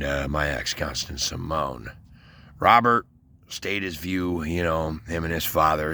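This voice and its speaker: A man with an extremely deep, forceful voice, telling a long story in a casual, rambling monologue. He swears often and fills gaps with fillers. The sound is dry and close. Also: no echo. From Westland, Michigan, US. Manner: rambling, profane, many fillers. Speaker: storyteller recounting military service.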